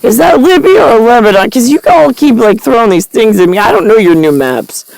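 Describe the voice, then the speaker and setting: A woman's voice: on the high side, animated, a little fast, creaky, darkish tone, no room sound, low-quality recording. A woman delivering a rambling, angry, profane monologue to the camera.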